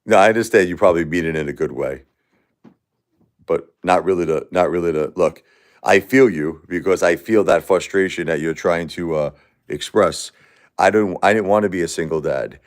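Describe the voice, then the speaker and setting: A man in his forties, grief-stricken, talking haltingly on a livestream as host and answering viewer comments. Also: low-pitched. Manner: halting and repetitive, many restarts and fillers.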